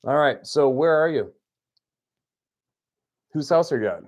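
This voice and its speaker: A man's voice: fairly high pitch, lively intonation, unhurried. A man hosting a hunting channel, chatting casually on a livestream from a farmhouse, playful and teasing. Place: small farmhouse at Christmas.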